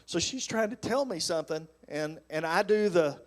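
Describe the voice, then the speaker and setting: Guy pastor preaching about marriage, high lively voice, acts out snarky replies. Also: moderate pace. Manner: animated, acts out sarcastic replies. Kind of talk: sermon on marriage.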